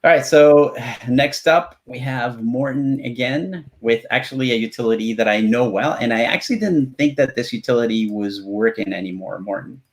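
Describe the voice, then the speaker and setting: A man's voice: mid-range voice, normal speed, hardly any pauses. A man hosting a casual live panel chat, asking curious follow-up questions. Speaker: host.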